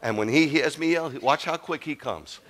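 A man preaching a sermon as a rabbi, telling a story with humor, moving from quiet asides to loud punchlines. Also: fairly high pitch, moderate pace, noisy background.

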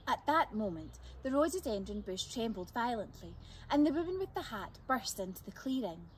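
A woman reading a chapter book aloud for children, with expressive, lively narration. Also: fairly high pitch, normal speed, a little hiss or hum. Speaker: storyteller.

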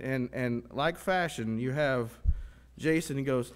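A man's voice: medium pitch, normal speed, a little hiss or hum. A man introducing a guest preacher in church, chatty, with frequent restarts. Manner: chatty, warm praise, stumbling restarts. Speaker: song leader introducing the preacher.

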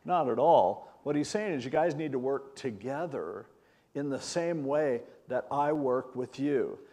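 Older male pastor in his sixties, relaxed conversational sermon delivery, lively when telling a story. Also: medium pitch. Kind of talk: sermon teaching.

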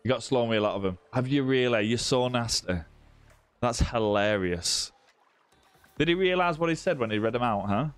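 A man's voice: mid-range voice, fast talker, few pauses, smooth, no room sound. A man hosting a live gaming stream, chatting casually with viewers and greeting them by name. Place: indoor room with ring light.

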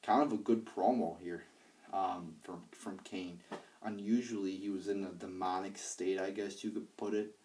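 Low, dark-voiced man rambling a wrestling review. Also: fairly even intonation, normal speed, distant mic, a little hiss or hum. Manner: rambling, profane, many fillers and restarts. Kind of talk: casual spoken review. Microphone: handheld iPad.

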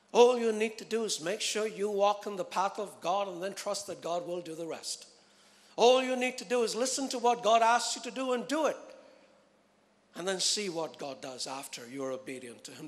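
A man preaches with emphatic repetition, building up loud and then dropping to a hush. His voice sits fairly high for a man and rings out with a long reverb through a large hall. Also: animated, fairly quick. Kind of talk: sermon.

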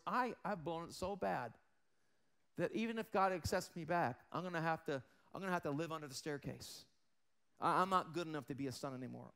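A pastor preaching a sermon to his congregation in an earnest way, asking them questions and dropping low and quiet for emphasis.

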